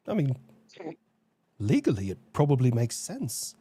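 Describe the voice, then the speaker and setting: A man delivering a comedic commentary video in a deadpan, sarcastic way. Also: mid-range voice, normal speed, no echo. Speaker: video creator. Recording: dry close studio sound.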